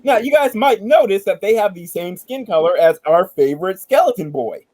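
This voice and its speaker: A man hosting a casual entertainment chat, retelling a backstory in an animated, joking way and swearing casually. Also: high voice, normal speed, dry recording, poor audio. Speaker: podcast host.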